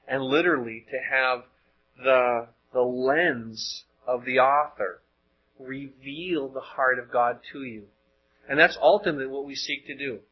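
A man's voice: medium pitch, unhurried, husky, lo-fi sound. A man preaching a sermon in a conversational way, asking the listeners questions and often repeating words as he goes. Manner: conversational, rhetorical questions, frequent word repeats.

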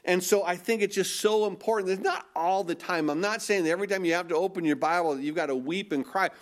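Earnest, fairly high-voiced male preacher. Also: fairly quick, hardly any pauses. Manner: earnest, emphatic preaching with rhetorical questions and repetitions. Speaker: pastor. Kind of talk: sermon.

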